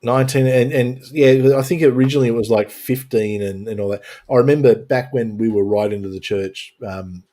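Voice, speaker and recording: A man's voice: medium pitch, a little fast, few pauses, mellow. A man hosting a casual panel chat on a live stream, joking and sarcastic, with mock-serious bits, talking into a home mic on a video call.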